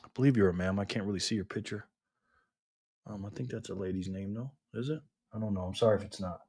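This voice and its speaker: A man's voice: fairly low pitch, fast talker, darkish tone, breathy edge, no room sound, clean studio sound. A man hosting a casual live stream, greeting chat viewers by name in a friendly, upbeat way from home. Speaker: livestream host. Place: home room in Las Vegas.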